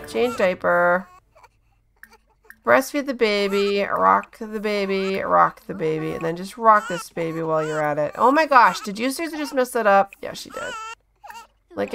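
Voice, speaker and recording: A woman giving casual let's-play commentary, chatty and bossing her game characters around with quick exclamations. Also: medium pitch, gravelly, a bit bright. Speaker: gaming channel host.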